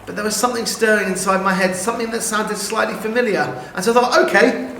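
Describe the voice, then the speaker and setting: A man's voice: high voice, steady tone, fast talker, gravelly, slight background noise, heavily acted. Peter, a man playing an eager fisherman disciple. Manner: vivid storyteller, swings from hushed to eager. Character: excitable, remorseful male fisherman disciple. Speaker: actor in a church assembly video. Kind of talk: first-person dramatic monologue. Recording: roomy, echoey recording.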